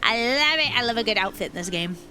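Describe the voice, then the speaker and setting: A woman streamer chatting casually while playing a game, relaxed and rambling. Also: a little high, fast talker. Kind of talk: casual chat while gaming.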